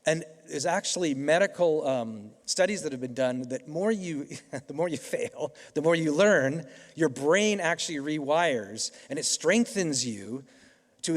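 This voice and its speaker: Middle-aged man speaking in a reverberant hall. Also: mid-range voice. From Canada. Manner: storytelling, conversational with frequent restarts. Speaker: keynote speaker. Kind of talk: convocation speech. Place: large hall.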